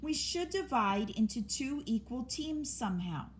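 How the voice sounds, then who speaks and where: A tiny storybook mouse with a high, squeaky, eager voice, put on by a woman. She is brave and keen on fairness, and her pitch jumps up and down a lot. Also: big pitch swings, measured pace, slight background noise. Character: small brave fair-minded female mouse.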